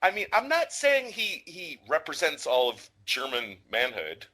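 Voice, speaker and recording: A man co-hosting a casual film podcast with a bright, lively voice pitched somewhat high. He talks animated and emphatic, swearing freely as he makes his point. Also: measured pace. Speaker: podcast co-host.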